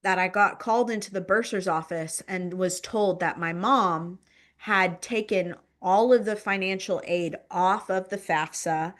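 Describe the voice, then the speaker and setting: A woman's voice: medium pitch, a little slow, a bit bright. Woman recounting her story, rambling. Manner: rambling, filler-heavy speech with frequent "like" and "um"; repeats phrases for emphasis. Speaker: podcast guest. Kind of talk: personal storytelling in conversation.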